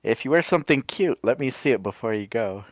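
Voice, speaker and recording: A man's voice: mid-range voice, fast talker, dry recording, lightly acted. A man voicing an easygoing former general with dry, wry humor. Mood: warm. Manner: relaxed, chuckling, wry.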